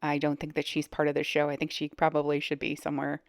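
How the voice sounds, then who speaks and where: A woman's voice: low-pitched, completely flat delivery, fast, gravelly, dry recording, studio quality. A woman hosting a reaction video, giving blunt casual commentary with frequent hesitations. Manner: blunt, hesitant with many ums.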